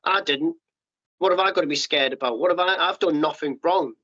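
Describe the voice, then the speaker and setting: A middle-aged man telling his story as a podcast guest, blunt and sweary, with quick restarts and acted-out quotes. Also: a little high, sharp tone. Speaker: podcast guest, former paratrooper. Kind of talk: candid storytelling interview. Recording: muffled lo-fi podcast audio.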